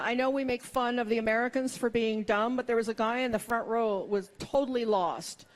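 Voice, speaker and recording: A middle-aged woman performing a stand-up comedy set, with wry, self-mocking punchlines. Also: a little high.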